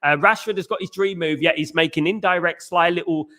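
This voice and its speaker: A man hosts a casual football fan chat, thinking out loud and restarting sentences as he goes. His voice sits a little high and has a bright, forceful edge. He reads viewers' messages into a close desk mic. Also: a little fast. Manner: rambling, restarts often, frequent "mate" and "you know what I mean". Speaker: podcast host reading live chat.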